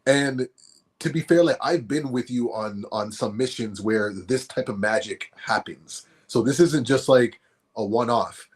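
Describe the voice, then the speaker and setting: A man's voice: medium pitch, a little slow, husky. A man co-hosting a casual talk show, responding with short affirmations and then recapping the story with enthusiasm. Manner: supportive, frequent short affirmations. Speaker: co-host. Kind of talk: casual chat.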